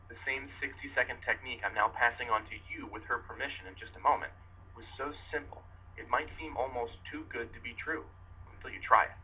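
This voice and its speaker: Man narrating a dramatic sales pitch. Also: husky, highs cut off. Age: 30s. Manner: dramatic storytelling delivery.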